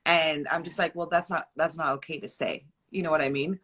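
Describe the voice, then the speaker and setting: A young woman, a model and stylist, is the guest in a casual interview chat, sharing personal stories and expressively acting out what people said. Her voice is deep, husky and brisk.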